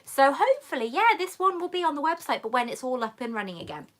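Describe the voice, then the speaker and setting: A woman's voice: high-pitched, big pitch swings, fast. A woman hosting a casual live chat, reading viewer comments aloud and calling people darling. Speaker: YouTube host answering live chat questions.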